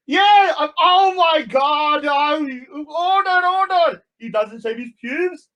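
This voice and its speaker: A man hosting a live stream, ranting and mocking, swinging between shouts and low mutters. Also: slow pace, hardly any pauses.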